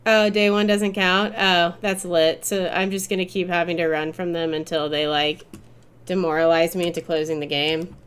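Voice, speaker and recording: A woman giving gameplay commentary, excitable and swearing freely, breaking into frustrated yells, then calmly explaining in a recap. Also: on the low side, moderate pace, clean tone. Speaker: gaming YouTuber.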